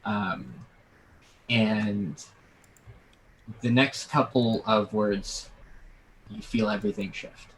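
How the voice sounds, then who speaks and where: A man narrating a tabletop game as game master, halting with many fillers. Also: on the low side, fairly even intonation, a bit bright, a little hiss or hum, poor audio.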